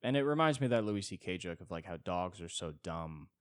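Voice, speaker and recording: A man's voice: low-pitched, expressive, fairly quick, clear, resonant tone, no room sound, studio quality. A man hosting a solo podcast and riffing comedically, rambling with frequent "you know" fillers. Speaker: podcast host.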